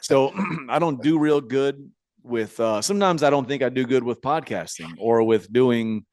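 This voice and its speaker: A man's voice: medium pitch, normal speed, darkish tone, no echo, studio quality. A man in his forties co-hosting a casual podcast, reading listener emails and often breaking into laughter between stumbling restarts. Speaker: podcast co-host.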